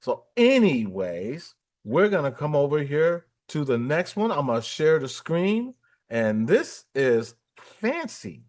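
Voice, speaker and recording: A man's voice: a little high, very animated, slow pace, darkish tone. A man hosting a music livestream, talking in a chatty, upbeat, rambling way. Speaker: livestream host. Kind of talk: casual livestream chat.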